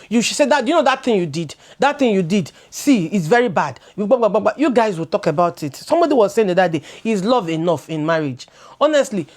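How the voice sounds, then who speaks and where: A Nigerian woman in her thirties, co-hosting a relaxed talk show. She talks animatedly, drifts between English and Pidgin, and circles back over her own words as she makes her point. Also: on the high side. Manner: animated, switching into Pidgin, laughing, repeating words as she goes. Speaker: co-host. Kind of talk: casual chat.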